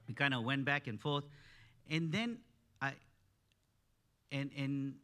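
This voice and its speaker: A man preaching a sermon in a bright, forceful voice. He tells stories with frequent restarts, then climbs to emphatic, louder peaks. His pitch sits in an ordinary middle range. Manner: storytelling, many restarts, rising to emphatic peaks.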